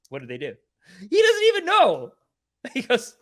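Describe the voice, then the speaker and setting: Comedian host from canada, swoopy expressive voice, sweary laughing rant on stream. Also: male voice, very high voice, normal speed. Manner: animated, profane, laughing rant. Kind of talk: livestream reaction commentary.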